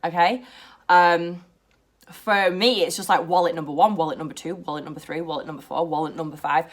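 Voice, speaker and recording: A young British woman chatting to camera in a blunt, profane and animated way. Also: low-pitched, a little fast. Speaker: vlogger. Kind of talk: casual to-camera chat.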